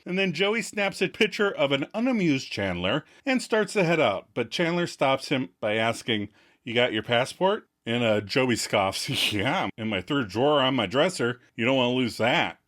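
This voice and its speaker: A man co-hosting a podcast, narrating scenes in casual chat and breaking into loud impressions of the characters. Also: medium pitch, very animated, normal speed. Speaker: podcast co-host. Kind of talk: casual episode recap.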